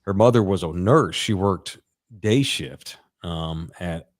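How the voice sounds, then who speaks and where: A man's voice: low voice, takes it slowly. A middle-aged man, a podcast co-host, telling a raunchy story in casual chat with lots of laughs.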